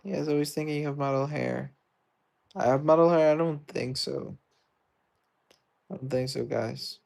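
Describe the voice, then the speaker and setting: British male streamer, gravelly, mid-pitched, rambling through viewer comments while he plays. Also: fairly even intonation, moderate pace, darkish tone. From Britain. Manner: rambling, reads and answers viewer comments aloud. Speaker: livestreamer. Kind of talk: casual livestream chat while gaming.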